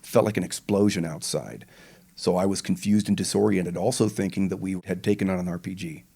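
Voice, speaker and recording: A deep, low-pitched older man speaks as a podcast guest. He tells his story slowly and deliberately, lingering on vivid detail. His tone stays measured throughout. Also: vocal fry, dark tone, husky. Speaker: podcast guest, retired pararescueman. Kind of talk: interview storytelling.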